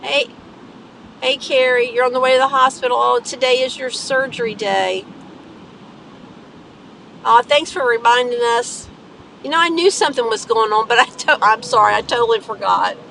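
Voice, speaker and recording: A livestream host with a gravelly, fairly bright, higher-pitched voice chats casually with viewers from inside her moving car. Speaking at a moderate pace with long pauses, she greets people by name between comments on traffic. The audio is poor, with road noise throughout.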